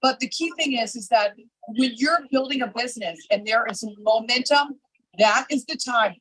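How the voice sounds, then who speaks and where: A woman recording a motivational pep talk in a resort hotel, emphatic and energetic, repeating herself for push. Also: a little high, normal speed, slightly rough, dry recording, poor audio. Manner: energetic, emphatic, repeats "I'm telling you". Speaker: network marketing team leader. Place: public area of a resort hotel.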